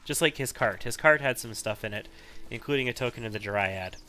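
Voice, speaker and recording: A man's voice: medium pitch, brisk, pushed and bright, a little hiss or hum. A man giving casual commentary while he plays a role-playing video game, chatty and thinking aloud. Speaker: let's-play host.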